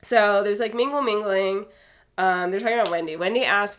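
A woman's voice: mid-range voice, normal speed, fairly bright tone. A woman co-hosting a podcast, recapping a reality show in casual chat, blunt and sarcastic and swearing freely. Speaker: podcast co-host.

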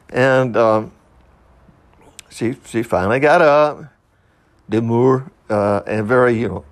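A middle-aged man hosting a solo podcast, rambling with many fillers and restarts, swinging between loud high bursts and quiet low asides. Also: expressive, a little slow, vocal fry. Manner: rambling, with frequent fillers and self-interruptions. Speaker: podcast host.

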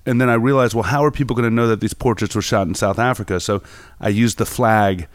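Smooth low-voiced man telling stories. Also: steady tone, quick pace, no echo. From New York. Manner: rambling anecdotes with many fillers. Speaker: photographer guest. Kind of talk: casual storytelling interview.

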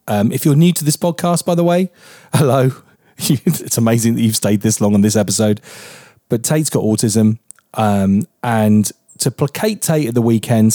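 A man's voice: medium pitch, mellow, no echo, studio quality. A man in his forties from England, co-hosting a podcast in casual chat, laughing often and swearing freely. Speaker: podcast co-host.

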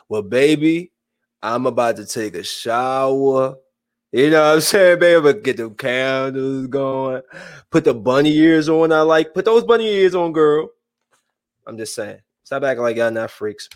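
A man in his thirties giving casual, joking live-stream commentary, swinging between loud bursts and hushed asides. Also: mid-range voice, a little slow. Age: 30s.

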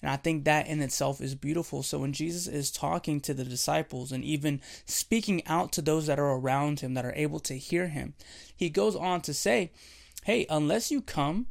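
A young man preaching a devotional sermon, telling a childhood story with animated, playful delivery. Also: fairly high pitch, moderate pace, gravelly. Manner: animated storytelling, acting out voices and laughing.

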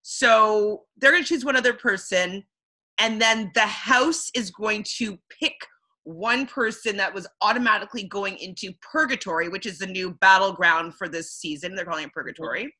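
A woman's voice: mid-range voice, normal speed, sharp tone. A young woman from Canada, co-hosting a casual podcast chat, talking loosely with many ums and likes and laughing often. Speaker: podcast co-host. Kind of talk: casual chat recapping a reality show.

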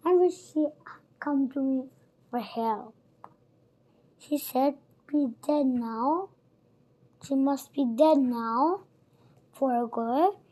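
A young reader voicing a kindly, grave old gentleman in a storybook reading. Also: sits high, very slow, long pauses.

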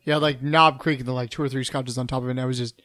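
A man's voice: mid-range voice, steady tone, quick pace, bright, forceful tone, no room sound, studio quality. A man hosting a casual chat among friends, teasing and joking as he leads the talk. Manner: teasing, jokey. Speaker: podcast host.

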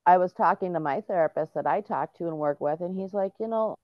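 A middle-aged woman talks earnestly, explaining step by step with many restarts. Her voice sits low, and the recording is muffled and lo-fi. The sound is dry, with no room echo. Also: fairly quick. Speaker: guest, autism and veterans advocate. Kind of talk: casual interview talk.

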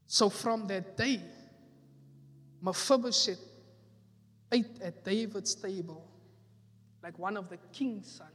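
A man's voice: high-pitched, slow pace, long pauses, a bit bright. A man preaching a sermon, repeating his key phrases with rising emphasis. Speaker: pastor. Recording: echoey hall with faint music.

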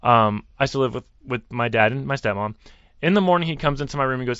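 Young male caller, earnest storyteller, halting delivery, muffled dry lo-fi audio. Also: mid-range voice, a bit bright, clean tone, no echo. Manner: earnest, halting, quotes others in dialogue. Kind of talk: telling a personal story.

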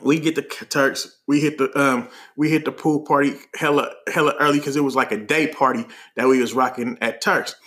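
A man from Oakland with a Bay Area accent, telling a story on a podcast in an animated, slangy way, laughing often as he talks. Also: mid-range voice, a little fast, few pauses. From Oakland, California. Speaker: podcast host. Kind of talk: casual storytelling.

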